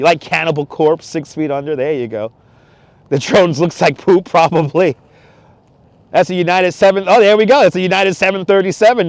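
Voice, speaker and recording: A middle-aged man hosts a casual livestream outdoors on a cold beach at night, chatting with viewers, reading the chat aloud, and laughing often. His voice sits on the high side, captured on a wireless clip-on mic with no echo.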